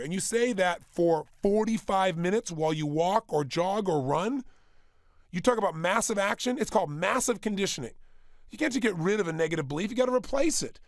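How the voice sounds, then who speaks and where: A man with a high-pitched voice gives a motivational workshop talk in a studio before a small audience, and the recording is dry. He is emphatic, fond of repeating phrases, and fires off rapid rhetorical questions.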